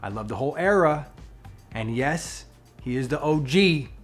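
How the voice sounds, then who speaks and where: A man's voice: medium pitch, normal speed, soft background music. Playful, opinionated man vlogging casually. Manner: playful, animated, jokingly opinionated. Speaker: vlogger and channel host. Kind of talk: casual chatty vlog.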